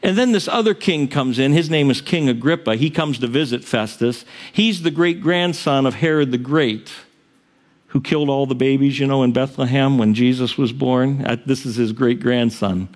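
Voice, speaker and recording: A man's voice: medium pitch, normal speed. A male pastor preaching a sermon, retelling a story in a casual, conversational way with frequent asides.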